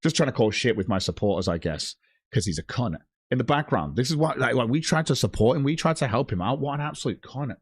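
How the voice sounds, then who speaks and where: A man's voice: medium pitch, lively intonation, fast, breathy edge, dry recording. A man ranting on a livestream, blunt and heavily profane, reading out chat messages. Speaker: streamer.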